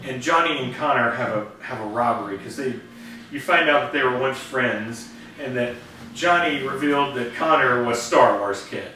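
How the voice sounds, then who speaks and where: Brief: co-host guy, rambling casual recap, bright voice, echoey room with a far-off mic. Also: mid-range voice, a little hiss or hum. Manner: rambling retelling with quick voice impressions. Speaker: co-host of a review show. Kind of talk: casual review chat. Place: basement movie room.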